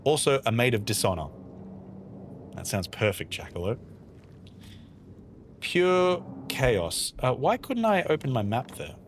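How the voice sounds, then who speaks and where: At an unhurried pace with long pauses, a man with a medium-pitched, very animated voice streams a game casually, with slight background noise. He's chatty and playful, reading chat aloud, answering it and muttering as he plays.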